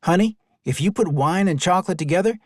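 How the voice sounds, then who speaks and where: A man's voice: high-pitched, lively intonation, quick pace, darkish tone, no room sound, pitched above the performer's own voice. A man voicing a sassy grown woman with a dry, teasing manner.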